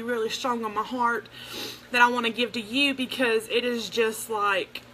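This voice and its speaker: A woman's voice: on the high side, bright, forceful tone, slight background noise, poor audio. A young adult woman, talking casually and earnestly to viewers on a phone livestream, rambling with restarts. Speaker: livestream host. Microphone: phone camera.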